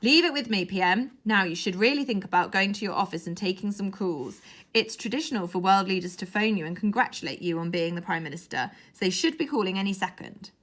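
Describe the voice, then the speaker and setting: A man's voice: high voice, fast talker, a bit bright. A woman voicing a formal, harried male government aide who speaks politely and properly.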